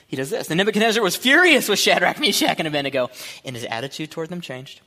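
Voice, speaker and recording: Animated young male pastor in a reverberant hall. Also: on the high side. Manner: animated, joking, bursts into shouts and laughter. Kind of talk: sermon. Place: church hall.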